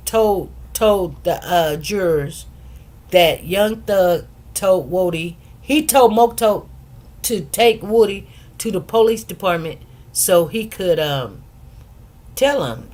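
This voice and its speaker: Female commentary host, casual and animated storyteller, many restarts and asides to viewers. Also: fairly low pitch. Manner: animated storyteller who acts out quotes in different voices. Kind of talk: casual commentary on a court case.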